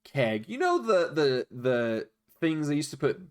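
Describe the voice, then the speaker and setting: A man's voice: a little high, big pitch swings, a little slow, clean tone. A man narrating a tabletop game as game master, rambling and chatty, with many fillers.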